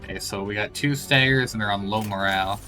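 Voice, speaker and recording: A man's voice: on the low side, quick pace, bright, forceful tone, faint music behind. A man giving casual live commentary while playing a video game, thinking aloud as he goes. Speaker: game streamer.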